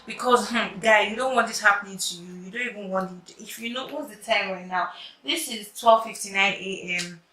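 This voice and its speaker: A young woman, telling a story and showing a hair fix in a chatty, lively way, sometimes dropping to quiet asides. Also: medium pitch, fairly quick. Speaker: wig maker vlogger. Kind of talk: casual storytelling tutorial. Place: room at home at night. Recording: echoey room, distant mic, faint noise.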